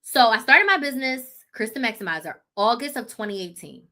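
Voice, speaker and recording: A business coach in her thirties hosts a live chat, speaking fairly quickly in a fairly high, sharp-toned, expressive voice. She tells her own story bluntly and with animation, correcting herself as she goes.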